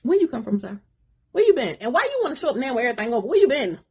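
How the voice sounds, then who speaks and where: A woman doing a young man yelling high at his dad. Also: very animated, racing, breathy edge. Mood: upset. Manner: demanding, repeating himself. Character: young man shouting at his absent father.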